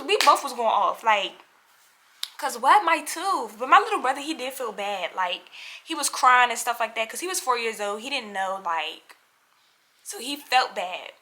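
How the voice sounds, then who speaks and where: Young woman vlogger, bright high-ish voice, animated storytime delivery, talks straight to the viewers. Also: measured pace, a little hiss or hum. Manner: acts out other people's lines in quotes. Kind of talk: storytime vlog.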